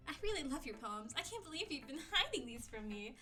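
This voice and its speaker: A woman's voice: sits high, very animated, brisk, music in the background. A woman putting on a squealing, bubbly schoolgirl. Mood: excitable. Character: bubbly cheerful teenage schoolgirl, clingy. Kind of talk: voicing a visual novel character on stream.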